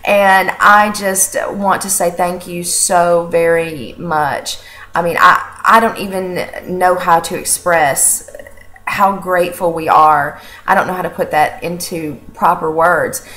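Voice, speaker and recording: With a lowish, steady voice that comes out slow, bright and forceful, this woman hosts a relaxed video update as director of an animal sanctuary. Her delivery is earnest and chatty, full of fillers and false starts.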